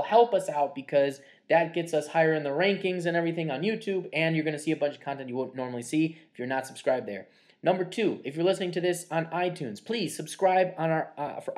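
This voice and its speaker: A man's voice: on the high side, darkish tone. A man hosting a casual podcast, talking with an upbeat energy. He rattles through a long list of announcements and plugs in a loose, chatty way. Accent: put-on Chicago accent in early part. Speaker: podcast host.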